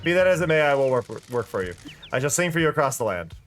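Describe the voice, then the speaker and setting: A man's voice: medium pitch, sing-song, quick pace, soft background music, lightly acted. A man voicing a pompous female bird mascot who sees herself as a star singer, speaking in a haughty, theatrical way. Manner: haughty, theatrical, putting on airs.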